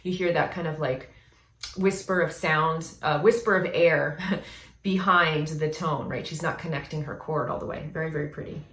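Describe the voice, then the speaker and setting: Woman vocal coach, chatty and explanatory, lowish voice with a bright edge, recorded in a reverberant room. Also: normal speed. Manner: chatty, explanatory, with frequent "right?" and "you know?" tags. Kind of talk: casual reaction commentary. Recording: echoey room.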